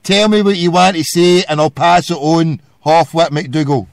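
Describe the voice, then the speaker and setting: A man's voice: on the high side, steady tone, moderate pace, creaky, no echo, clean studio sound. A Scottish man hosting a call-in show, ranting and hurling insults at a caller. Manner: abusive, ranting, hurls insults. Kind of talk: phone-in radio rant.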